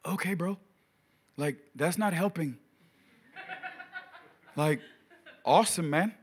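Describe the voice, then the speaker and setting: A middle-aged man preaching, retelling a personal story in a conversational way, full of fillers, and dropping suddenly quiet for emphasis. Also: fairly high pitch, slow pace, slight background noise. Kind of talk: storytelling sermon.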